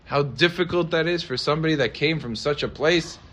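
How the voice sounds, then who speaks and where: A rabbi telling a story in a dramatic sermon, acting out the voices of the people in it. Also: male voice, on the high side, a little fast, a bit bright.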